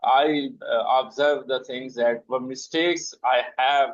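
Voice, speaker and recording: A man hosting an interview, asking questions hesitantly with many pauses and fillers. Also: medium pitch, steady tone. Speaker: interview host. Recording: dull lo-fi audio.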